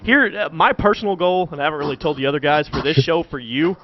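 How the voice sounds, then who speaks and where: A man's voice: a little high, fast talker, a little hiss or hum. A man hosting a podcast, rambling and laughing often. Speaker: host. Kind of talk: casual podcast chat. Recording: dull lo-fi voice call audio.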